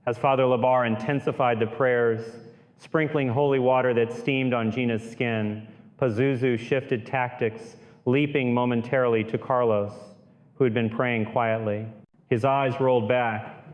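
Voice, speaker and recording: A man narrating a true-crime style horror audiobook in a steady, grave storytelling voice. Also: mid-range voice, measured pace, muffled recording.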